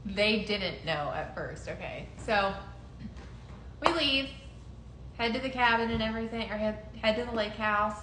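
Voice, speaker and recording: A woman's voice: medium pitch, unhurried, reverberant, noisy background. A young woman in casual conversation, telling a personal story with lots of laughter and quoted voices. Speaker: podcast co-host.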